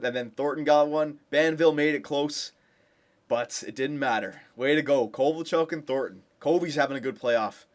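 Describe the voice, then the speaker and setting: A young man giving casual commentary over a hockey video game, cheering his team on with excitement. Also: a little high. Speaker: gameplay commentator.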